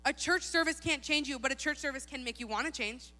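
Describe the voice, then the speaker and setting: Bright high-voiced young woman preaching. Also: fast. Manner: casual and chatty, many "like"s. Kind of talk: sermon. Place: church hall. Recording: long hall reverb.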